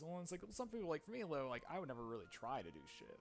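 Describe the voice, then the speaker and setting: A man's voice: medium pitch, big pitch swings, racing, hardly any pauses, soft background music. A young man in his twenties giving casual gameplay commentary, rambling and self-mocking with frequent swearing. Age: young adult. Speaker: let's play commentator.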